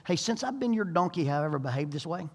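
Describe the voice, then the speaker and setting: A man's voice: fairly high pitch, sing-song, fast talker, gravelly, big-room sound, full character voice. A man voicing an earnest talking donkey in a sermon story, speaking plainly and reasonably in a slightly raised voice.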